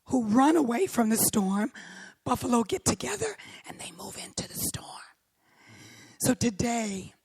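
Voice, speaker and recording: A middle-aged woman minister with a hoarse, worn voice, delivering a sermon and often dropping to a whisper for emphasis. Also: fairly high pitch, darkish tone, no echo. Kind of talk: sermon with opening prayer.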